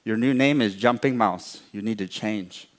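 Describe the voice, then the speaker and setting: A man's voice: fairly low pitch, moderate pace, close to an everyday voice. A man voicing a wise male frog who patiently guides and teaches a mouse.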